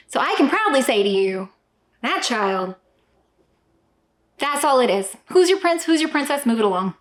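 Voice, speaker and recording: A woman's voice: sits high, sing-song, moderate pace, long pauses. A woman in her thirties talking straight to the viewer as a homeschooling parent, emphatic and often checking in with "okay?". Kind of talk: direct-to-camera talk.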